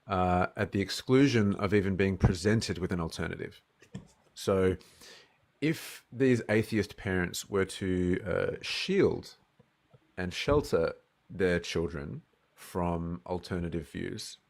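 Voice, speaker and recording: Deep-voiced Australian man, easygoing. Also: creaky. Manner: easygoing, joking, then measured when explaining. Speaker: guest. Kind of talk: casual Q&A conversation.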